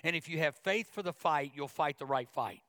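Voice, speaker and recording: A male pastor preaching a sermon, talking conversationally with asides and repeated words, then rising in pitch and volume as he gets emotional. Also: moderate pace, dry recording. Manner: emotional, grows louder and higher when preaching.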